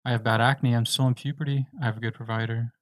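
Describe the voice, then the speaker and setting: A man from the United States chats casually on a livestream, reading out viewer questions and answering them loosely. His voice sits at an ordinary middle pitch. The sound is dry and close, with no room echo. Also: flat delivery, quick pace. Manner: laid-back, reads viewer questions aloud and answers loosely. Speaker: livestream host answering chat.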